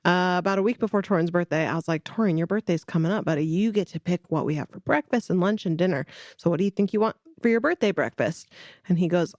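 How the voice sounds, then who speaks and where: A woman's voice: fairly low pitch, a little fast, dry recording, clean studio sound. A woman co-hosting a podcast, telling a family story in casual chat and acting out the quotes. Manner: chatty storyteller, acts out quotes with laughs. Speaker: podcast co-host.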